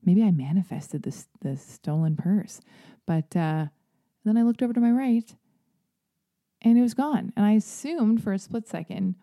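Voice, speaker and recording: A woman hosting her own podcast, rambling through a story in a self-deprecating way and jumping into high, animated voices when she quotes people. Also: moderate pace. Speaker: podcast host. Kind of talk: casual solo podcast monologue.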